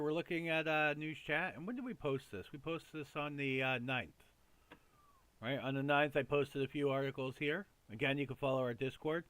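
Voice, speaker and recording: A man's voice: medium pitch, a bit bright, dry recording. A man hosting a casual news commentary show, talking in a loose, rambling way with lots of fillers and repeats.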